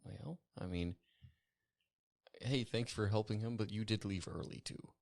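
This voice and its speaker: A man plays his character in a tabletop game. He rambles in an easygoing way, and his voice sits fairly low. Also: unhurried, creaky, a little mellow. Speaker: player. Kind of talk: in-character tabletop role-play.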